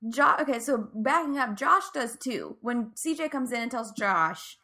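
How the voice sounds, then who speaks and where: Bright, animated woman chatting about TV. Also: a little high, measured pace. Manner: animated, laughs often, quotes lines in funny voices. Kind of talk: casual TV recap chat.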